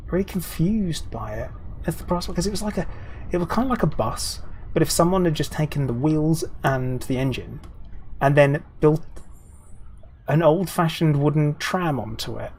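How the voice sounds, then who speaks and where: A man's voice: a little high, expressive, normal speed, darkish tone, a little hiss or hum. Rambling British man chatting on stream. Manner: rambling, many ums and restarts. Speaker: game streamer. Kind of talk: casual live-stream chat with viewers.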